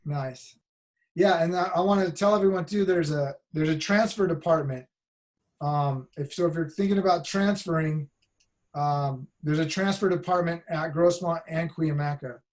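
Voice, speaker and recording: A man's voice: fairly high pitch, moderate pace. A man teaching a college class over a video call, talking casually with many restarts and fillers. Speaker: college instructor. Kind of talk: casual online class talk.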